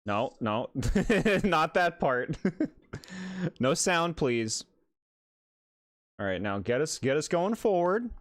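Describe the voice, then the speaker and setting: A man's voice: fairly high pitch, very animated, takes it slowly, pauses often, no room sound. A man streaming a game, chatting casually, exasperated and sarcastic, laughing often. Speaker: gaming streamer. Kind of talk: casual live commentary.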